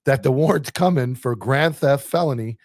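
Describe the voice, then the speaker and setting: A man in his forties, a police officer hosting a casual chat, telling animated stories about the job with swearing. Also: mid-range voice, normal speed. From Florida. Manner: swearing, animated war stories with acted quotes. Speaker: podcast host and police officer.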